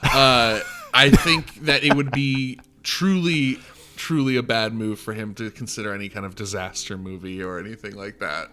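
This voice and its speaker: A young man co-hosting a casual movie podcast, rambling and trailing off softly. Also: on the low side, normal speed. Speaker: podcast co-host.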